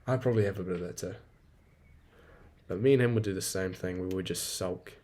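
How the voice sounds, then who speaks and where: Young guy in his 20s hosting a solo podcast, low-pitched, loose and profane, rambling and venting. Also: brisk, mellow. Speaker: podcast host. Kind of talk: casual solo podcast monologue.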